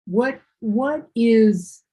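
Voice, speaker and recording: A woman's voice: on the high side, lively intonation, very slow, dark tone, breathy edge, poor audio. A woman teaching English one-on-one, patiently correcting and explaining.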